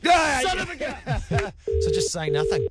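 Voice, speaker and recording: Male radio co-host, bouncy and expressive, playful, noisy recording. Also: sits high, normal speed. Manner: playful, laughing, lively. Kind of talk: casual on-air banter and prank calls.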